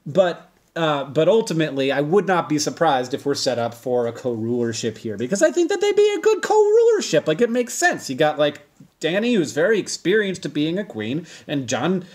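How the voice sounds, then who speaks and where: Animated man rambling excitedly to camera. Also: a little fast. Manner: animated, rambling, self-correcting, pitch jumps up when emphatic. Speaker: video host. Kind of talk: casual explainer monologue.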